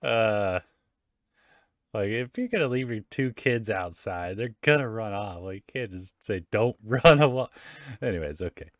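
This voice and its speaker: A man's voice: lowish voice, expressive, moderate pace, no echo, studio quality. A young man casually recapping a comic book for a friend, laughing often and loosely acting out the characters' lines. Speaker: comic reader and podcast host. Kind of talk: casual chat, reading comics aloud.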